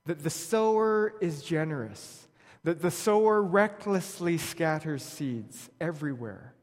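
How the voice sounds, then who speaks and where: A man's voice: on the high side, expressive, a little slow. A man preaching a sermon, telling a scripture story with wry humor and reading verses aloud. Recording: long reverb of a large hall.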